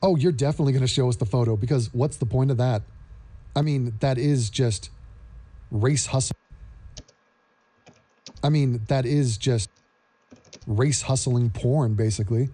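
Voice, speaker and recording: A man's voice: mid-range voice, normal speed, long pauses, dark tone. A man hosting an opinion commentary vlog, talking in a sarcastic, mocking way.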